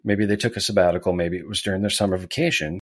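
A man in his thirties with a lowish voice, chatting as a podcast guest. He talks in a loose, rambling way, full of fillers and restarts. The sound is dry and close. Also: steady tone, fast talker, no echo. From Wisconsin. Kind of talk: casual podcast chat.

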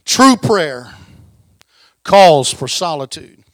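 A man preaching a lively sermon in a folksy, emphatic way, swinging between loud stresses and quiet asides. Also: on the high side, drawn-out words, dry recording.

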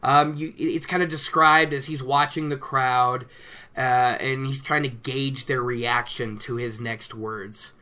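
A man chatting casually as he recaps a book, animated and laughing, acting out characters' lines. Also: mid-range voice, unhurried. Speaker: book discussion host.

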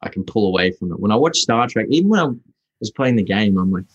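A young Australian man, a guest actor, chatting casually in an interview, halting and restarting often. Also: fairly low pitch, expressive, husky, no room sound, highs cut off. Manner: halting, full of restarts and fillers.

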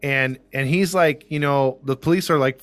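A man's voice: medium pitch, moderate pace, fairly bright tone, dry recording. Rambling male true-crime podcast host. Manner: rambling, lots of fillers, acts out quotes. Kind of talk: casual true-crime storytelling.

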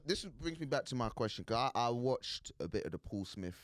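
Teasing man with a lively pitch. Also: brisk, dry recording, studio quality. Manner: teasing, laughs often. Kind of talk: casual chat.

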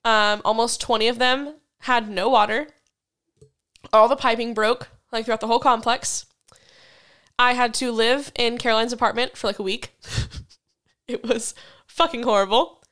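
A woman in her twenties, a podcast co-host, telling a story in a casual chat, swearing freely and laughing as she goes. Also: on the high side. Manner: profane, animated storytelling with quick laughs.

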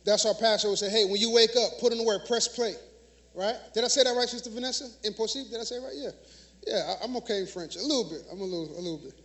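A man's voice: high voice, quick pace, a bit bright. A man preaching a sermon in a church, emphatic and conversational, using call-and-response with the congregation. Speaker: minister.

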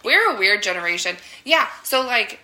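A woman's voice: medium pitch, very animated, moderate pace, sharp tone, rough recording. A woman in her thirties co-hosting a podcast, talking loosely with lots of fillers and swearing. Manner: loose, rambling, swears often, many fillers. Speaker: podcast co-host. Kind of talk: casual podcast chat.

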